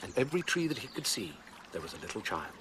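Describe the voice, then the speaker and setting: An actor playing a flamboyant, witty middle-aged Victorian writer who talks in florid, languid phrases. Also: male voice, fairly low pitch, big pitch swings, fast, heavy background noise. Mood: storytelling. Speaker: celebrated writer and father. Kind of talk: period film acting.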